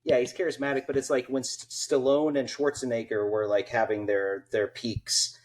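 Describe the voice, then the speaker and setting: A man's voice: medium pitch, flat delivery, normal speed, slight background noise. A man co-hosting a comedy podcast, giving joking opinions in casual chat. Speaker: podcast co-host.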